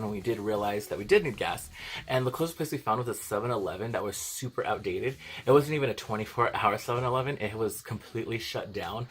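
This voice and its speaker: A man's voice: lowish voice, fairly bright tone. A young man vlogging, telling a rambling story in a casual, profane way and often laughing. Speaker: beauty vlogger.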